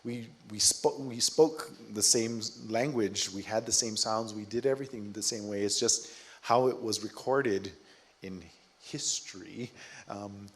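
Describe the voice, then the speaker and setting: A man from Hawaii talking on a panel, earnest and halting, often restarting his phrases. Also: fairly low pitch. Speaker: fiber artist and cultural advisor, panel speaker. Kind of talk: panel conversation.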